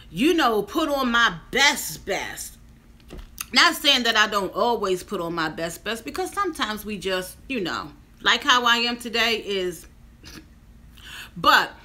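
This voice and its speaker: A woman's voice: fairly high pitch, sharp tone. A woman in her fifties telling a personal story to her viewers in a chatty vlog. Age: 50s. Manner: chatty, addresses viewers directly. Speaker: vlogger.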